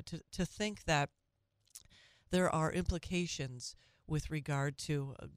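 A talk radio host delivers an opinionated monologue in an earnest tone. The voice sits at a middle pitch, recorded close and dry with no room sound. Sentences often stall and restart in stammers. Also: dry recording.

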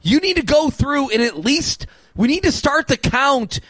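A man hosting a sports radio show in a studio, talking in animated, preachy banter. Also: extremely high pitch, unhurried, no echo. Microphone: studio microphone.

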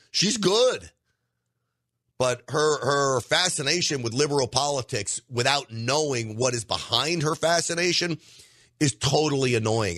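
A man's voice: medium pitch, a bit bright, no room sound, clean studio sound. A middle-aged man hosting a podcast, delivering an emphatic opinion monologue straight to his listeners. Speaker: podcast host.

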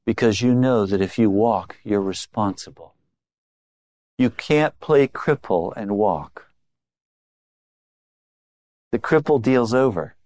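A man preaching a sermon, moving between low confiding remarks and raised, emphatic exhortation. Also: lively intonation, takes it slowly, pauses often, darkish tone, dry recording, clean studio sound. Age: older.

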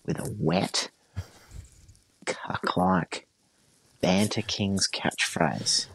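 A man leaving a listener voice message, bitter and deadpan in a mocking, profane rant. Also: deep voice, drawn-out words, gravelly, husky, dry recording, low-quality recording.

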